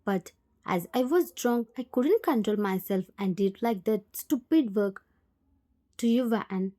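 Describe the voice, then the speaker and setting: Woman playing a remorseful man in his late forties, Indian English accent, warm tone. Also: medium pitch, lively intonation, measured pace, natural voice. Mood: defensive. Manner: pleading, guilt-ridden.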